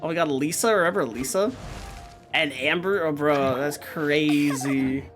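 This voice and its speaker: A woman streaming a game, chatting casually with her viewers in an excitable, talkative way and swearing now and then. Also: low-pitched, unhurried, soft background music.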